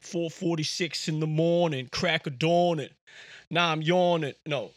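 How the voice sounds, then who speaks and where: A man's voice: a little high, fairly even intonation, unhurried, no echo, clean studio sound. A man hosting a podcast, telling a story in a casual, slangy way and often repeating words as he talks. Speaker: podcast host.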